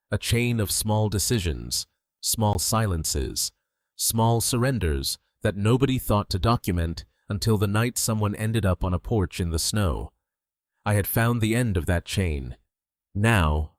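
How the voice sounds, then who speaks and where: An older man tells a first-person story in a low voice, slow and measured. The sound is dry and close, with no room around it. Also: expressive, dry recording. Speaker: narrator. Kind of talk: scripted first-person narration.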